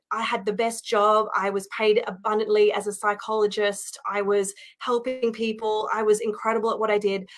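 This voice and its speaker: Earnest woman sharing her story with her online class, emotional, pretty flat steady tone, keeps restarting sentences. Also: mid-range voice. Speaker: spiritual teacher, former psychologist. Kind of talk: personal storytelling to an online audience.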